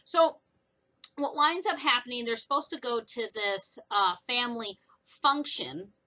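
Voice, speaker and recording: A young woman casually retelling a book's plot in a chatty, animated way for her vlog. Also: on the high side, a little slow, rough recording. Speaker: book reviewer. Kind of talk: casual book review vlog.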